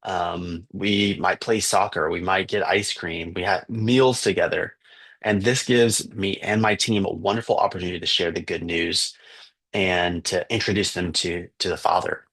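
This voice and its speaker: A man's voice: sits low, fairly even intonation, normal speed, a bit bright. A man, a missionary teacher, earnestly telling a story for fundraising, with fillers and restarts.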